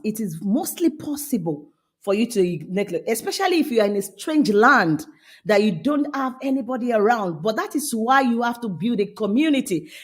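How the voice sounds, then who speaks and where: A woman's voice: on the high side, husky. A middle-aged woman coaching parents in an emphatic talk, scolding and then coaxing, often repeating phrases.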